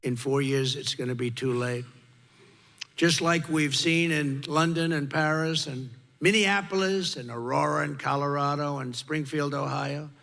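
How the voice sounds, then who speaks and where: A slightly high, somewhat bright voice with fairly even intonation belongs to an older man campaigning for office, speaking a little slowly. Standing at a podium microphone before a crowd in a big venue, he gives an off-the-cuff speech of repeated short, emphatic lines, and the crowd is faint in the reverberant PA sound.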